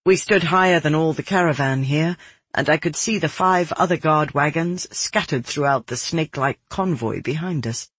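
A man reading a first-person story aloud in a steady, descriptive way. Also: a little high, moderate pace, slightly rough, no echo. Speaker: audiobook narrator. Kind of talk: scripted first-person narration.

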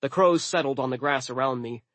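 A man narrating an audiobook in a studio, with wry, deadpan asides. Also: mid-range voice, fairly quick, dry recording.

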